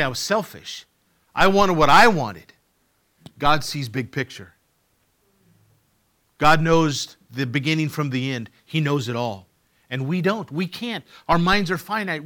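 Middle-aged male preacher, bright tone, sermon delivery, dynamic from hushed to booming, repeats for emphasis. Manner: swings from quiet to loud, emphatic repetitions. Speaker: pastor.

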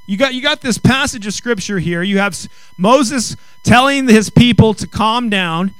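A man preaching a sermon, emphatic, rising to loud, drawn-out phrases on key lines. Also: high voice, expressive, smooth, dry recording.

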